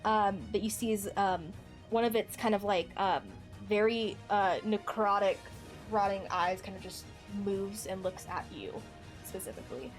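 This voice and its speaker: A woman runs a tabletop game at a middling pitch, narrating in a halting way full of fillers and restarts. Faint music plays underneath her. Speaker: game master.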